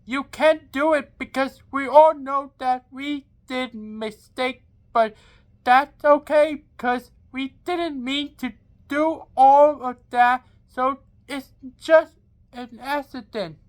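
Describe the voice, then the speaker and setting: A woman's voice: high voice, fairly even intonation, takes it slowly, pitched above the performer's own voice. A woman voicing an earnest young girl in an amateur read-aloud story, pleading in a slightly raised voice.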